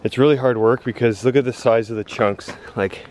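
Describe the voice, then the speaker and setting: A man's voice: medium pitch, fairly even intonation, fairly quick, darkish tone, a little hiss or hum. A young man casually vlogging to a handheld camera outdoors in the snow and at home, chatty and at times out of breath. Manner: chatty, breathless after shoveling. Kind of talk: casual vlog chat.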